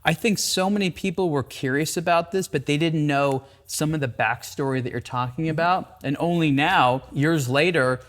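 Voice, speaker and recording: A man's voice: a little high, normal speed, hardly any pauses, fairly bright tone. Chatty man hosting a watch talk. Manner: thoughtful, enthusiastic, with fillers. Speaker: host, watch editor. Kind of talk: casual conversation.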